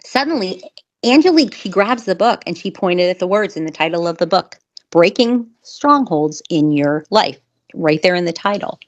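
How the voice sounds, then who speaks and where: Woman storyteller, lower voice, casual, full of fillers and restarts, dull lo-fi sound. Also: lively intonation, moderate pace. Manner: chatty, many fillers and restarts.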